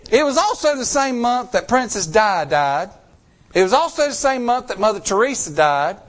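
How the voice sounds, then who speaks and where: Animated high-voiced male preacher. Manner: animated, acts out quotes in shifting voices. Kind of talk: sermon with storytelling.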